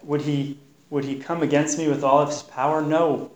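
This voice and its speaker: A man teaching a Bible study, reading verses and explaining them in an earnest, halting way with frequent repeated words. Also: on the high side, fairly even intonation. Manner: earnest, repeats words while pleading passages. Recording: echoey room.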